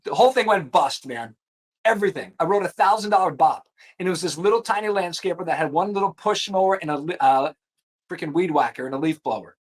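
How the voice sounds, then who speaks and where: A man in his thirties with a slightly high voice tells his career story as a guest, loose and animated. He peppers every sentence with "dude" and "like" and throws in casual swearing. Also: fast talker. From US East Coast. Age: 30s. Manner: slangy, animated, swears, says "dude" and "like" a lot. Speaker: insurance producer, guest.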